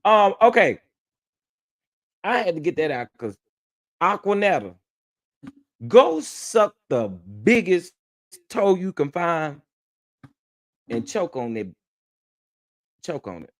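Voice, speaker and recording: Sassy high-voiced male livestream host. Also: slow pace, long pauses. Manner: sassy, animated, laughing often. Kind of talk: casual livestream rant.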